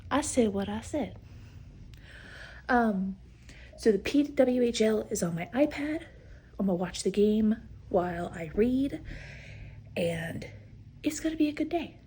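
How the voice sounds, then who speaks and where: Brief: woman book vlogger, casual and unhurried, breaks into excited outbursts. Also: on the high side, slight background noise. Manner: chatty, swears, frequent fillers, excited outbursts. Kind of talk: casual reading vlog chat.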